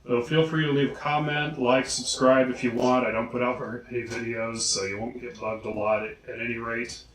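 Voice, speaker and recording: A man hosting a casual video guide, slowly and deliberately enunciating each name. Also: mid-range voice, flat delivery, fairly bright tone. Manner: slow, deliberate enunciation of names. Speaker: vlogger. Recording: echoey room.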